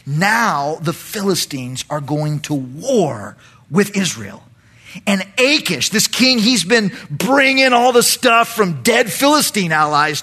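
A man's voice: high-pitched, big pitch swings, slow, sharp tone, breathy edge. A male pastor preaching an expository Bible study, animatedly breaking into dramatic voices for the characters.

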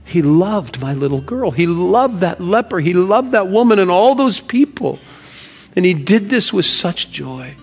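An actor playing Josiah, a devoted ancient Hebrew father who earnestly recounts a miracle, shifting between loud wonder and hushed awe. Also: high voice, very animated, a little slow, breathy edge, soft background music, heavily acted. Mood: earnest storytelling. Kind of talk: dramatic first-person monologue.

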